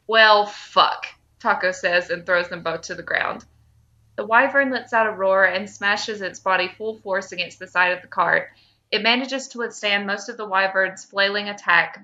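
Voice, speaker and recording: Woman podcast host, lively fan-fiction reader, bright tone; lo-fi audio. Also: medium pitch. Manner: lively, breaks into laughter. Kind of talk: reading fan fiction aloud.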